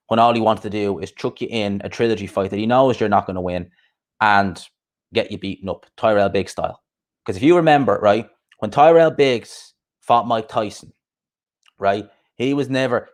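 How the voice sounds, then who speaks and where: A man hosting a boxing live stream, ranting bluntly and profanely with lots of rhetorical questions. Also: on the low side. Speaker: boxing podcast host. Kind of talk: casual live stream rant.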